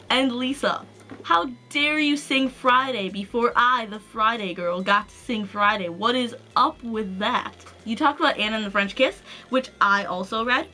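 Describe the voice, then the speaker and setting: A woman's voice: mid-range voice, pushed and bright, slight background noise. A young woman from Wisconsin, chatting bubbly and self-mocking in a casual vlog. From Wisconsin, USA. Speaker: collab video vlogger.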